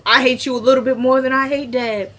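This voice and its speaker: A woman's voice: sits high, fairly even intonation, a little fast, fairly bright tone, voice pushed up. A woman voicing a spiteful young man who mockingly taunts his jailed mother. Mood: gloating. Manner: mocking, gloating.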